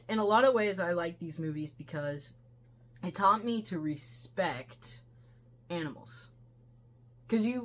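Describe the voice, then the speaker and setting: A woman's voice: low voice, slight background noise. A woman co-hosting a casual movie review chat from her couch at home, chatty and laughing often. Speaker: co-host of a movie review show. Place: living room couch at home.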